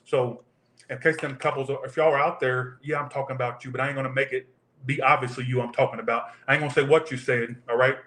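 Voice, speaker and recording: A man's voice: mid-range voice, steady tone, fast talker, fairly bright tone, echoey room. A man giving a casual tarot reading, rambling off into profane tangents. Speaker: tarot reader.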